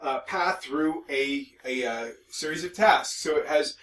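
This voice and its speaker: Man, instructor, recorded lecture, dry sarcastic asides, slightly high pitch, distant mic. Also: measured pace, fairly bright tone. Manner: conversational, mildly sarcastic, with restarts.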